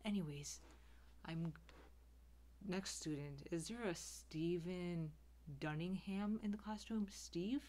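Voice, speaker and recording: A woman's voice: on the low side, slow, dark tone. A woman playing a flustered teacher on the first day, muttering weary whispered asides to herself. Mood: exasperated. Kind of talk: comedy sketch character.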